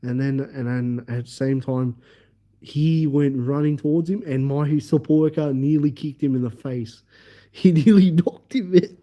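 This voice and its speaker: A man's voice: medium pitch, steady tone, normal speed. A man telling a long story on a livestream, rambling and restarting his phrases as he goes. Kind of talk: casual storytelling. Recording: dull lo-fi audio.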